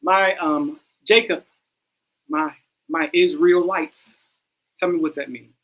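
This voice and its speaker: A man hosting a livestream, reading out phrases and commenting on them in an animated way, often repeating lines as he reads. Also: fairly high pitch, slow pace, low-quality recording. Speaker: livestream host.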